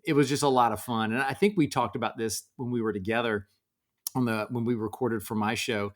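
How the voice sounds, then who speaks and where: A man in his forties, a podcast guest, telling relaxed family stories in casual conversation with frequent restarts. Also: mid-range voice, brisk.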